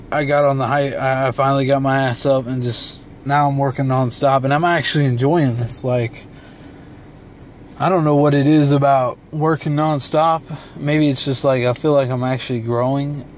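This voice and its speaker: A young man talking in a relaxed, rambling vlog monologue from a dark room at home, swearing freely. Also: medium pitch, slight background noise. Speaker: vlogger and beatmaker.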